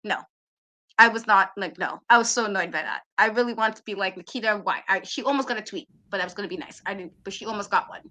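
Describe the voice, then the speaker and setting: A woman's voice: mid-range voice, fast, sharp tone. A young woman co-hosting a wrestling talk show, ranting with sass and exasperation and mimicking fake crying voices. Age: young adult. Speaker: co-host. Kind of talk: animated casual rant.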